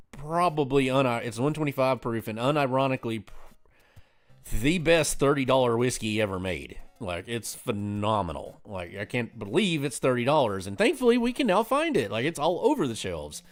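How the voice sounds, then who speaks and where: A man with a Southern American drawl talks at an easy middle pitch, rambling and poking fun at himself as he chats on a stream. Faint music plays behind him. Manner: relaxed, rambling, self-deprecating. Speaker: co-host. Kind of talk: casual chat.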